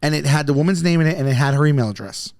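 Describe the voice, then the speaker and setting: A man co-hosting a comedy podcast tells a rambling, self-mocking story. His voice is a little higher than most men's. It is recorded dry and close, with no room sound. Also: lively intonation, very fast, a little mellow, no room sound. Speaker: podcast co-host telling a story.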